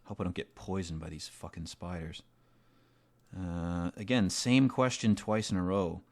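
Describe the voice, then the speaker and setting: A man's voice: deep voice, fairly even intonation, measured pace, a little mellow. A man giving rambling, profane, sardonic commentary while playing a video game. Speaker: let's play commentator. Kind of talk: casual gameplay commentary.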